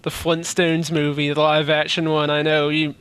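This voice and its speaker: A man in the audience asking a question at a convention panel, hesitant and halting. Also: a little high, completely flat delivery, fairly bright tone, smooth. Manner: hesitant, halting, many false starts.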